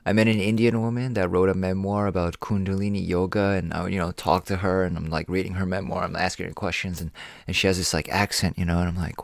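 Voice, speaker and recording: A man's voice: deep voice, little pitch movement, fast, no echo. A man hosting a casual live chat, rambling with lots of fillers and restarts. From East Coast. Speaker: stream host.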